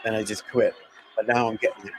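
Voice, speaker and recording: A man's voice: on the low side, little pitch movement, fast, a little hiss or hum. A middle-aged man with a Boston accent, a golf instructor chatting casually on a live stream, rambling and blunt with joking asides.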